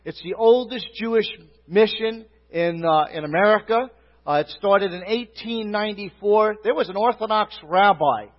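A man's voice: high-pitched, normal speed. A middle-aged man with a Brooklyn accent, a rabbi and pastor preaching a folksy sermon full of fillers and calls of "Amen?". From Brooklyn, New York. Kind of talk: sermon greeting and testimony. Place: church sanctuary. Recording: reverberant hall, dull lo-fi sound.

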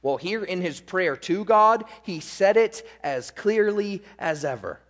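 A man preaching a sermon as pastor, pressing hard on key words and then dropping to quiet asides. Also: sits high, expressive, unhurried. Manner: emphatic, swings between loud stresses and quiet asides. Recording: long hall reverb.

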